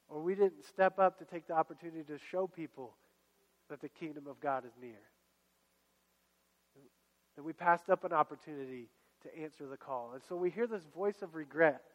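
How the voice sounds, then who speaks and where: Man preaching a sermon, high-pitched. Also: big-room sound, rough recording. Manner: repeats key phrases, exhorting the congregation. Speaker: pastor. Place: church.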